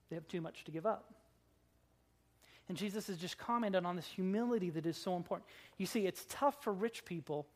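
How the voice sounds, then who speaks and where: A pastor preaching a sermon to a congregation in a church. They talk dramatically, with humorous asides, and swing from loud emphasis to hushed, low lines. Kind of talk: expository sermon.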